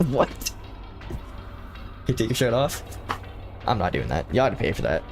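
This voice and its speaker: A young American man talks with his livestream chat, swearing and joking as he reads a horror game aloud. His voice sits at an everyday middle pitch. Faint music plays under him. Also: very animated, moderate pace, long pauses. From United States. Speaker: streamer.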